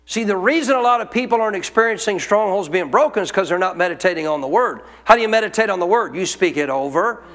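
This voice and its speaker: A man with a high voice preaches emphatically, firing rhetorical questions at his congregation. His sermon rings out with a long reverb from a large church hall. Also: expressive, quick pace, few pauses, fairly bright tone. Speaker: pastor.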